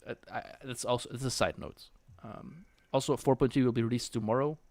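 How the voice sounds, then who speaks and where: A man's voice: mid-range voice, fairly even intonation, fairly quick, gravelly, a little mellow, no echo. Chatty man with a dry close sound. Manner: chatty, with frequent restarts and laughs. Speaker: co-host. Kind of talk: casual podcast chat.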